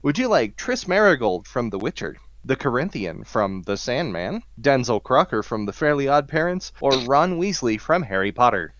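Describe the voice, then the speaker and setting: Guy hosting a game with friends, lively up and down voice, muffled mic. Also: mid-range voice, moderate pace, few pauses. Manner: lively, offering choices in a list-like patter. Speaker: game host. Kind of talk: casual game-show banter.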